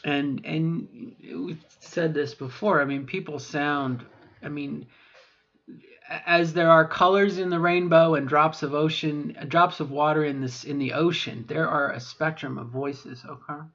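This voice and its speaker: A middle-aged trans woman records a voice training vlog in her unaltered voice, which is low-pitched, fairly even, measured and a bit bright. She rambles to herself, meandering and hesitant, often correcting herself. The recording is dull and lo-fi.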